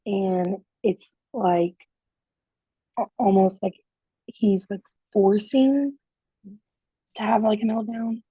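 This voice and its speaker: A woman's voice: medium pitch, fairly even intonation, slow, pauses often, mellow, husky, dry recording. A mother in a parenting group, telling her story on a call in a hesitant, rambling way full of fillers. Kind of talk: casual account on a group call. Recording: dull, dry lo-fi call audio.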